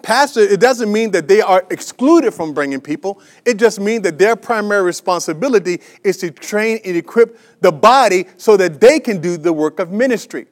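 High-voiced preaching pastor, emphatic. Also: male voice, lively intonation, normal speed, hardly any pauses. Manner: emphatic, repetitive preaching with many restarts and fillers; addresses the congregation directly with rhetorical questions. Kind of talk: sermon.

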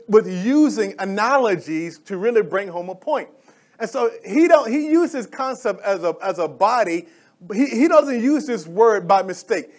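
A man preaching a sermon in church as pastor, energetic and excitable, calling out to the congregation for responses. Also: high voice.

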